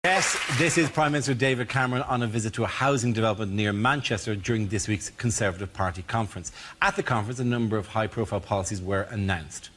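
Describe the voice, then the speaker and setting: A man hosting a comedy panel show, briskly introducing topics and joining in the joking banter. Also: fairly low pitch, a bit bright. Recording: noisy TV studio with audience.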